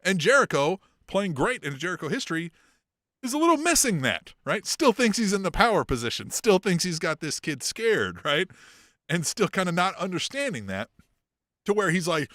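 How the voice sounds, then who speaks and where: A man co-hosting a podcast, chatting casually about wrestling, swearing freely and laughing between points. His voice sits somewhat high and swings widely in pitch. It has a bright, forceful edge, recorded close and dry. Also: normal speed, no room sound. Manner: profane, animated, laughs often while talking. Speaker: podcast co-host.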